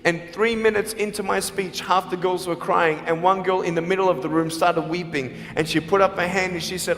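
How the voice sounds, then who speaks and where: A man giving an emphatic motivational speech to a school audience, swinging between hushed and loud. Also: high voice, steady tone, brisk, hardly any pauses. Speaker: motivational speaker. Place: large school hall. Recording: echoey hall reverb.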